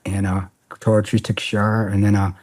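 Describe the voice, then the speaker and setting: A man's voice: lowish voice, little pitch movement, a little fast, darkish tone. A middle-aged man, a podcast guest, telling a story bluntly and casually, profane and rambling with restarts.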